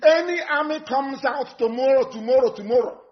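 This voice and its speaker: A man's voice: very high-pitched, a little fast, dull audio. A man with a Nigerian accent giving an impassioned, scornful broadcast speech as a political activist, repeating phrases for emphasis.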